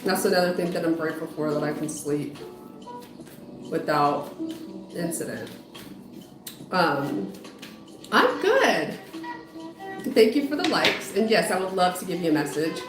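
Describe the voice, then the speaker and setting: A woman's voice: fairly low pitch, normal speed, long pauses. A woman, a spiritual medium and psychotherapist, chatting casually with viewers on a livestream while giving tarot readings; she greets people and often trails off and restarts. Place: home, dog heard outside. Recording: roomy sound with music behind.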